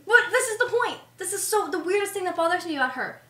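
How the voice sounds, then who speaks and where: High-voiced animated woman, echoey room. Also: quick pace, recorded from a distance. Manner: animated, swears freely, mimics characters. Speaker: podcast co-host. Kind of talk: casual movie chat.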